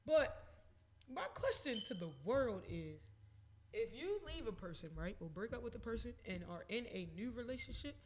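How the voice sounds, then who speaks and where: A man's voice: extremely high pitch, big pitch swings, normal speed, slight background noise. A man co-hosting a podcast, ranting emphatically and swearing freely. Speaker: podcast co-host. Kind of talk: casual chat.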